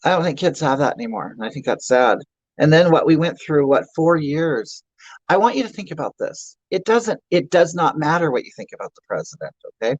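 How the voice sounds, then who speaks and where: Brief: male performer as a rambling obese middle-aged woman, crude and self-mocking, raised pitch, husky tone, livestream comedy. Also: sing-song, brisk, no echo, lo-fi sound. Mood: ranting, griping. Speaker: livestream comedy character host. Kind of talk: improvised livestream character comedy.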